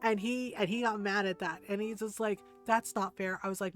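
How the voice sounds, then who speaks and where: A woman's voice: on the high side, normal speed, soft background music. A middle-aged woman streamer chatting casually while gaming and telling a personal story candidly, swearing freely and laughing often.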